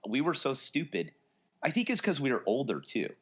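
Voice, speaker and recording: A man's voice: mid-range voice, huge pitch swings, moderate pace, slightly rough. Guy in his 40s rambling thru a story on a podcast, slightly dull audio. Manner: rambling storyteller, acts out quoted voices. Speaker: podcast co-host. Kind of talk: casual chat.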